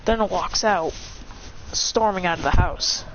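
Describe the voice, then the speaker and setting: A woman's voice: fairly low pitch, background noise. A woman rambling through an improvised fan-fiction story, on a dull lo-fi recording. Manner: rambling, quick.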